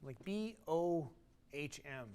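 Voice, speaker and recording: A man's voice: on the high side, expressive, slow, darkish tone, clear, resonant tone. A man teaching a brass master class, singing rhythms aloud on syllables to show phrasing. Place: concert hall stage.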